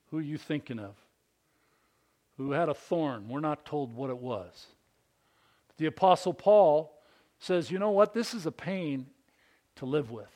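A man preaching a sermon, reading scripture and acting out quotes with rising, pleading intensity. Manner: animated preaching, climbs high and loud on quotes. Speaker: pastor.

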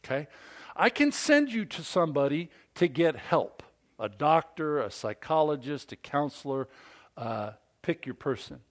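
Animated preacher man with emphatic swings. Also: unhurried. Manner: emphatic, rising on key words then dropping low; asks the audience questions. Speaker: pastor. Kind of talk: sermon.

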